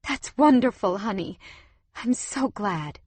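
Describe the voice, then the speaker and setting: A woman's voice: medium pitch, lively intonation, slow pace, darkish tone, husky, no echo. A woman voicing a hurt but defiant young widowed mother in an audiobook, emotional and firm. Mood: tender.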